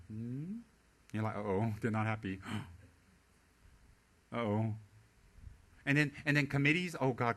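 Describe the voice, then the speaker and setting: A man delivers a Dharma teaching with theatrical exasperation and a sharp tongue. His voice is bright and forceful. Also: on the low side. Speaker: Buddhist teacher. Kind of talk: animated Dharma talk.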